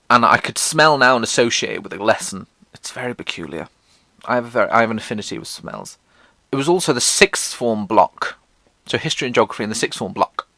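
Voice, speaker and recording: A man's voice: mid-range voice, bright, forceful tone, dry recording. A young man from England with a posh English accent, telling school stories in a sardonic, sweary, theatrical way. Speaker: vlogger. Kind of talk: casual storytelling monologue.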